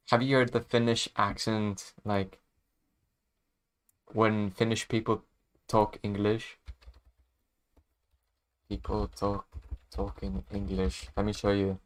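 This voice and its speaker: A man's voice: lowish voice, a bit bright, clear, resonant tone. A man chatting casually on his livestream as a music producer, laid-back and chuckling often, trailing off mid-sentence.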